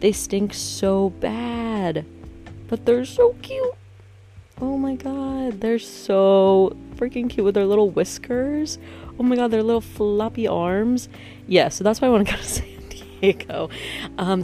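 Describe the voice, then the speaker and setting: A woman's voice: on the high side, expressive, mellow, faint music behind. A young woman from the US East Coast talking casually to camera, rambling, interrupting herself and laughing at her own jokes. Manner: rambling, self-interrupting, jokey, quick laughs. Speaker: vlogger. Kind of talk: casual chatty vlog.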